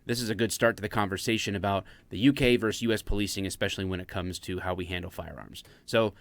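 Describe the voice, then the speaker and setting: A man's voice: lowish voice, steady tone, fast talker, gravelly. An American man hosting a live-streamed talk show, chatting casually and jokingly with plenty of fillers. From United States. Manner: rambling, jokey, lots of fillers.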